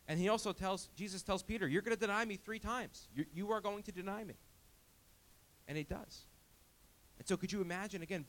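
A pastor preaching a sermon, emphatic and animated, often restarting his words as he retells a Bible story. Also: on the high side.

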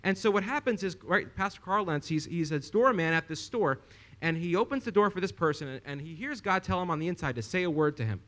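Animated young male preacher, fairly high voice. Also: brisk. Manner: animated storytelling with rhetorical questions to the congregation. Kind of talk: sermon.

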